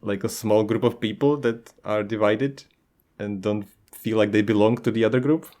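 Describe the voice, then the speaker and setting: A man's voice: lowish voice, steady tone, moderate pace, darkish tone. A man co-hosting a book podcast, talking enthusiastically with frequent giggles. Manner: enthusiastic, giggly, many fillers. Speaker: podcast co-host. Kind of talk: casual chat about books.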